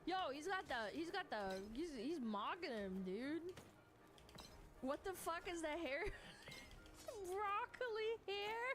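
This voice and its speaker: A woman streamer giving excitable livestream reaction commentary, laughing often and swearing freely. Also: very high voice, takes it slowly, long pauses, soft background music.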